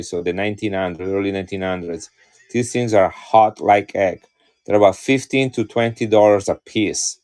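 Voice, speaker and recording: Low-voiced man selling coins live. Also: darkish tone, smooth. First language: Italian. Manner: chatty, enthusiastic, addresses viewers directly. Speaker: live-stream coin seller. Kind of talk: casual live-stream selling chat.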